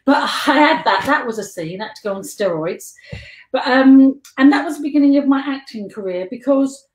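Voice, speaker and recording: A woman's voice: high-pitched, animated, moderate pace. An older woman with a London accent telling rambling anecdotes as a guest on a video call, chatty and giggly, jumping between tangents. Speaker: guest and life model. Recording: echoey room on a live stream.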